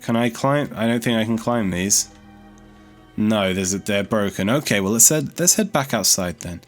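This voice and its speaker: A man's voice: fairly low pitch, normal speed, soft background music. A man giving casual gameplay commentary as a let's play host, chatty and thinking aloud as he explores, easily startled.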